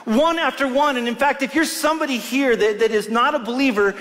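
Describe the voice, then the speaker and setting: A middle-aged male pastor preaching a sermon in a church, earnest and slowing down to stress scripture. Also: very high voice, fairly bright tone. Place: church hall. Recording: long church hall reverb.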